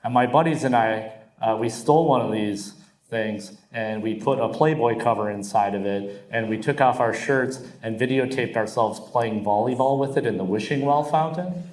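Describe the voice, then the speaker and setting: A young man doing crude, animated stand-up storytelling on stage. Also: medium pitch, normal speed. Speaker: stand-up comedian. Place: comedy club stage. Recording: roomy club sound. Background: audience laughter.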